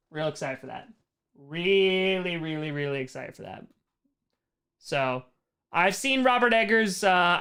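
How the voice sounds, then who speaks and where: This streamer answers his chat in a loose, wandering way, peppering everything with "like" and not holding back his opinions. His voice is high, fairly bright, clear and resonant.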